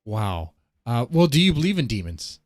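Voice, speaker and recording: A man's voice: mid-range voice, animated, normal speed, no room sound. Man host on a dry, close mic. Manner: reactive, repeats phrases, many fillers. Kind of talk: radio show interview.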